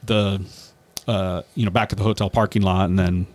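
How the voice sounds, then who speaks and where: A man in a casual podcast chat, relaxed and wry. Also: low-pitched, moderate pace.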